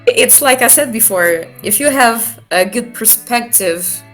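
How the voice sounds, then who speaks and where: A woman speaks as a podcast guest, unhurried and halting, stopping on fillers as she searches for words. Soft music sits faintly behind her. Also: fairly high pitch, animated. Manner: slow, halting, many fillers and restarts. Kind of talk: casual interview chat.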